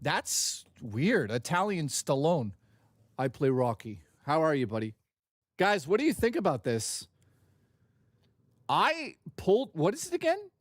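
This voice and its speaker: A man's voice: on the high side, big pitch swings, unhurried, long pauses, no echo, studio quality. A man casually chatting and joking on his live stream, loose and profane.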